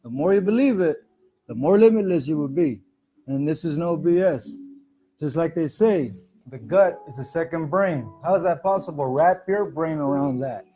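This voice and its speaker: At home, with music playing quietly behind him, a man hosts an easygoing spiritual livestream and chats with viewers. His voice is fairly high and warm, animated, and moderately paced.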